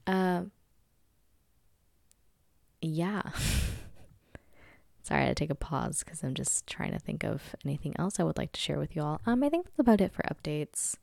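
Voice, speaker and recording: A woman's voice: sits low, creaky, a little mellow, no echo, clean studio sound. A woman in her twenties hosting a casual solo podcast from home, chatty and candid, swearing freely and laughing often. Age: 20s. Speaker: podcast host.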